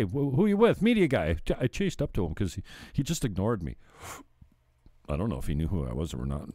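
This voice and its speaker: A man's voice: sits low, mellow, no echo, studio quality. A man ranting bluntly on a livestream, swearing and mocking people as he chats. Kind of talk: profane ranting chat.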